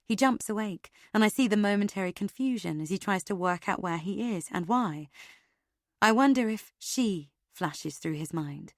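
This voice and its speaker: A woman narrates a suspense audiobook with dramatic flair, swinging between loud, high bursts and low, quiet lines. Her voice sits in a middle range and is recorded close and dry, with no room sound around it. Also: moderate pace, dry recording. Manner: dramatic, expressive reading with sharp swings in pitch and loudness.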